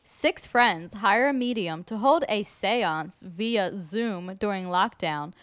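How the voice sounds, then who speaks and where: Smooth-voiced woman podcast co-host. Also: mid-range voice, takes it slowly, fairly bright tone. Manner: blunt, frequently swearing, says "like" a lot. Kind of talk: casual chat.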